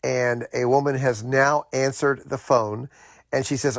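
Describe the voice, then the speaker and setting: Middle-aged man, gravelly voice, rambling personal story, dry close sound. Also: mid-range voice, steady tone, no room sound. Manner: rambling, halting, many fillers and restarts. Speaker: host telling a personal story. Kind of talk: casual first-person storytelling.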